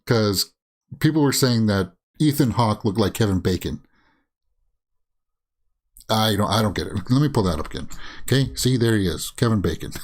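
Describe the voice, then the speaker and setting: A man with a fairly low, animated voice hosts a casual movie news show at a normal speed, leaving long pauses. He browses and reads tweets aloud, rambling through his reactions with lots of fillers and frequent chuckles.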